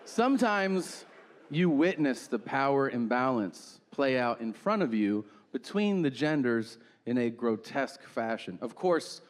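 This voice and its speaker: A middle-aged man telling a stand-up story in a deadpan way and acting out the other people in it. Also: mid-range voice, measured pace. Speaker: stand-up comedian. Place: theater stage before a laughing audience. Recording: live stage recording with audience noise.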